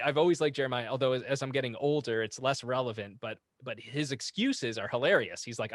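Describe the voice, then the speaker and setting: Animated friar, dry close sound. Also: male voice, mid-range voice, no echo. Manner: animated, quick, laughing while explaining. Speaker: friar and author, guest. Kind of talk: casual chat.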